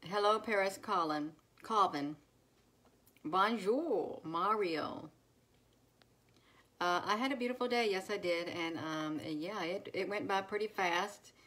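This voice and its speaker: A woman's voice: medium pitch, slow, fairly bright tone. A woman hosting a casual live stream, greeting viewers one by one by name with many fillers. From United States. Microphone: phone.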